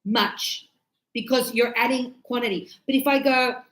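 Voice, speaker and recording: A woman teaching English in a live class, chatty and animated, acting out little dialogues as she explains. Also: on the high side, a little slow, roomy sound, poor audio.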